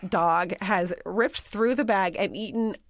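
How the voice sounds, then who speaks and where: A woman's voice: medium pitch, slow pace, no echo, studio quality. A woman co-hosting a podcast in casual chat, blunt and salty-mouthed, moving the talk along. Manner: blunt and swearing, drives the topics. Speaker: podcast co-host.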